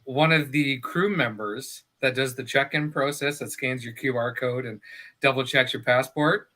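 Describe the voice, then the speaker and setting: Bright-voiced man chatting. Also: medium pitch, normal speed. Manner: chatty, laughs between stories. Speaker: co-host of a travel show. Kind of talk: casual livestream chat.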